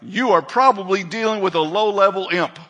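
An older man preaching a sermon as pastor, emphatic, swinging between loud calls and quiet asides. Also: high-pitched, normal speed.

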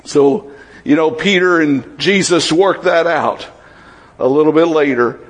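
A man with a higher-leaning voice preaches a sermon a little slowly, talking with his congregation as if in conversation. Along the way he poses questions and acts out voices from the Bible.

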